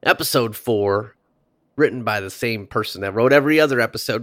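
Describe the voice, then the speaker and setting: A man's voice: mid-range voice, a little fast, a bit bright, no echo. A man co-hosting a podcast, casually recapping a TV episode from his notes with loose, laughing asides. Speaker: podcast co-host.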